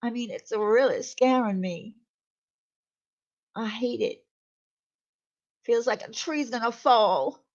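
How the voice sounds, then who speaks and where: Brash woman streamer, unhurried, slightly high voice, muffled lo-fi stream audio. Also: darkish tone. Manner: blunt, swears freely, laughs often. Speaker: livestream host. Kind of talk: casual livestream chat.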